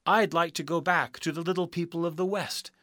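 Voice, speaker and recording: A man voicing a gentle tin man in a storybook reading, soft and wondering. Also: a little high, fairly even intonation, fairly quick, dry recording, clean studio sound, pitched above the performer's own voice. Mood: tender. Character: gentle man made of tin, tender-hearted.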